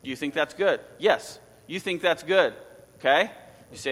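Animated preacher man in a reverberant hall. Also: a little high, normal speed. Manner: animated, conversational preaching with asides. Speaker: pastor. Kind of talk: sermon.

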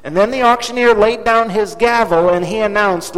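A man's voice: high voice, moderate pace, few pauses, fairly bright tone. A man preaching a sermon with storytelling, dramatic and emphatic, repeating key phrases. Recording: long hall reverb.

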